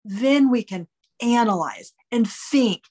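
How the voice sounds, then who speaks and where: A woman's voice: fairly high pitch, slow, slightly rough. Candid woman explaining animatedly. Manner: candid, animated, swears freely. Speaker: guest expert. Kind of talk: casual podcast conversation.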